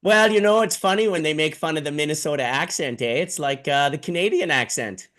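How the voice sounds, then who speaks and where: Lively, joking male host. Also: fairly high pitch, a little fast. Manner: animated, joking, swears a lot. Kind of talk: casual chat.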